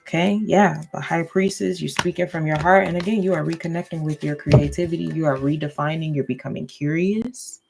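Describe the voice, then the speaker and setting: A woman's voice: low-pitched, fairly even intonation, brisk, gravelly, few pauses, over loud music. A woman giving a casual, goofy tarot and astrology reading, laughing often and checking in with listeners. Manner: addresses listeners directly, checking in with "okay?".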